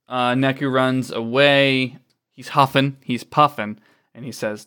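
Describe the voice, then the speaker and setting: A man's voice: mid-range voice, fairly even intonation, unhurried, sharp tone, smooth. A man co-hosting a casual let's play, joking, swearing and laughing as he narrates. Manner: jokey, laughs often, swears freely. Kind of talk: casual gaming banter.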